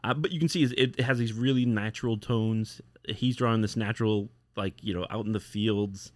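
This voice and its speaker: A man's voice: fairly low pitch, fairly even intonation, a little fast, no echo, clean studio sound. A man co-hosting a podcast, casually retelling a comic's story with lots of fillers and acted-out quotes. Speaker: podcast co-host. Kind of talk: casual chat.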